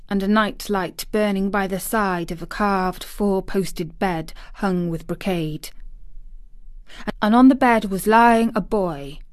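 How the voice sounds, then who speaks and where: Reading a children's classic aloud, this audiobook narrator tells the story in a measured, unhurried way. It's scripted narration in her mid-range voice, recorded at studio quality with no room sound.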